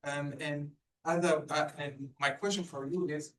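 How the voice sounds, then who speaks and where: A man in the audience asking a long, halting question, stumbling through fillers and restarts. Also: fairly high pitch, fairly even intonation, low-quality recording. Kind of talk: hesitant spoken question.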